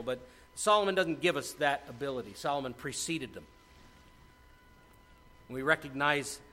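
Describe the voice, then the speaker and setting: Bright-voiced male pastor preaching. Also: on the high side. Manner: animated preaching with repeated restarts. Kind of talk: sermon.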